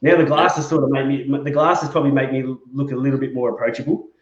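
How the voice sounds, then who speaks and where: A man's voice: mid-range voice, level tone, fast. A man hosting a casual chat show, speaking in a hesitant way full of fillers. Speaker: host. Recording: roomy, dull lo-fi sound.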